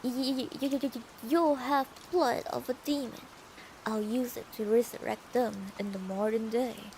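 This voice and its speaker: A woman's voice: fairly high pitch, fairly even intonation, normal speed, darkish tone, a little hiss or hum, close to an everyday voice, low-quality recording. Woman doing a stuttering zombie-like mad doctor. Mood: feverish. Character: mad, gaunt male lab doctor, zombie-like.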